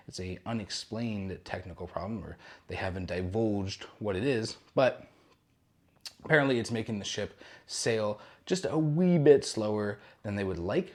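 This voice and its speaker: A man's voice: lowish voice, darkish tone. A young man hosting a casual cruise news roundup, chatty and rambling, with jokey asides and frequent self-corrections.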